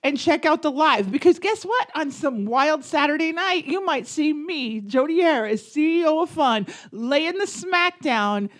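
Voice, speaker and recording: Giggly high-voiced woman co-host. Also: expressive, measured pace, few pauses. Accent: New York. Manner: giggly, rambling, playful. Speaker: podcast co-host. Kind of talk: casual chat.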